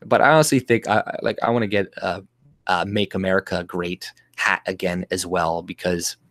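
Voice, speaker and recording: A man with a deep, low-pitched voice rants on a political livestream. He rambles and sounds scornful and mocking as he reads the chat. The sound is dry and close, with little room in it. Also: fairly even intonation, moderate pace, fairly bright tone, no room sound. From Canada. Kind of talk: ranting livestream commentary.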